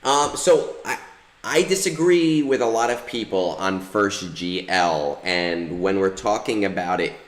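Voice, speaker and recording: Deep, slow-talking man streaming a game. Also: reverberant. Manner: rambling, many fillers and restarts. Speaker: gaming streamer. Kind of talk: casual livestream commentary while playing.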